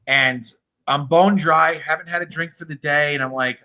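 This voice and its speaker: Podcast co-host, man, thirties, rambling and profane, bright and a bit high. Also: fairly even intonation, moderate pace, low-quality recording. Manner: rambling storyteller, swears freely. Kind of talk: casual chat.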